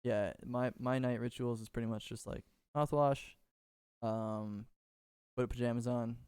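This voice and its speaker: A young man co-hosting a podcast chats casually, rambling through his stories and swearing freely. His voice is smooth and clear, and the dry close mic has no room sound. He is from Minnesota. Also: medium pitch, steady tone, a little slow, darkish tone, no room sound. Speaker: podcast co-host. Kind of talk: casual chat.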